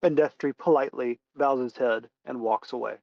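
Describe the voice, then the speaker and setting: Relaxed man running a tabletop game. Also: medium pitch, normal speed, gravelly, no room sound, lo-fi sound. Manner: relaxed, filler-heavy narration. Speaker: game master.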